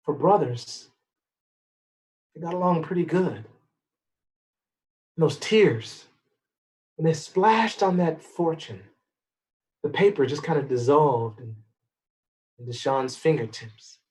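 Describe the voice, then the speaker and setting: A man telling a folk-style story with expressive, dramatic pacing. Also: a little high, takes it slowly, pauses often. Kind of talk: storytelling performance.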